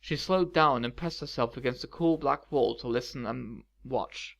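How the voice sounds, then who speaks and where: A man narrating a fan fiction story in a steady, measured reading. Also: medium pitch, creaky.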